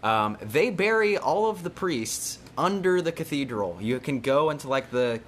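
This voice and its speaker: A young man in casual chat, talking fast and chiming in eagerly. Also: fairly high pitch, animated, a little hiss or hum.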